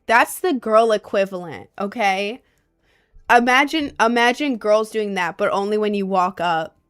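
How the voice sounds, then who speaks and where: A woman's voice: mid-range voice, measured pace, smooth, faint music behind. Chatty young woman livestreaming. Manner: rambling, animated, frequent "like" and laughs. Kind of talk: casual livestream chat reading viewers' messages.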